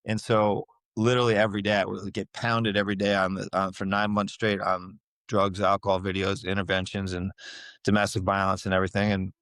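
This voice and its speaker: A man's voice: sits low, monotone, a little fast, fairly bright tone, clean tone, dry recording. A middle-aged man telling a personal story in a casual interview, acting out the voices of people he quotes. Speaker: podcast guest.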